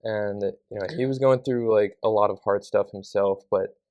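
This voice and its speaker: A young man speaks in a fairly low voice as a podcast guest. He answers earnestly and casually, leaning on filler words. The sound is dry and close. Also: fairly even intonation, normal speed, a little mellow, no echo. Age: young adult.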